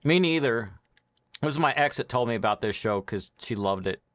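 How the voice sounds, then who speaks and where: A man's voice: medium pitch, moderate pace, no echo. A man hosting a livestream, telling stories in casual chat and laughing often. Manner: animated storyteller, laughs often. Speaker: livestream host. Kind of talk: casual chat while gaming.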